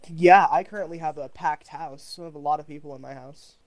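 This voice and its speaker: A man's voice: fairly high pitch, fairly even intonation, a little fast, no echo. Rambling young male podcast host. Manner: loose, rambling, lots of fillers. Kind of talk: casual gaming podcast chat.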